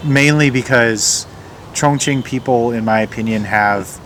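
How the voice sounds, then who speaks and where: A man's voice: mid-range voice, unhurried. Casual male brewer, medium voice, loose and hesitant delivery, audible hum and noise behind. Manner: relaxed, hesitant with many fillers. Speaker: craft beer brewer. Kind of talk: casual explanation.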